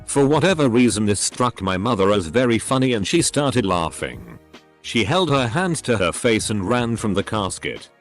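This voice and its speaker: Male narrator reading stories, low voice, animated pitch, soft music bed. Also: normal speed. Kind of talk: scripted story narration.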